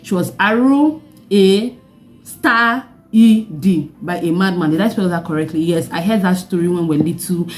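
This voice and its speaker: A young Nigerian woman with a Nigerian accent, telling a personal story in a vlog with animated delivery and laughing asides. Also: fairly low pitch. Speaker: vlogger.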